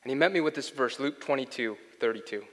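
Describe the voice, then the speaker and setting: A man's voice: mid-range voice, fast. Earnest young man preaching in a reverberant hall. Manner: earnest, swings from loud pleading to soft and intimate. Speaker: pastor. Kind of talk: sermon. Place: church hall. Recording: long hall reverb, faint music.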